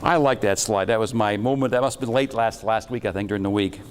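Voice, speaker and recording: A man's voice: lowish voice, quick pace, big-room sound, slight background noise. Joking, rambling male metaphysics lecturer. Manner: rambling, jokey and irreverent. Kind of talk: lecture with slides.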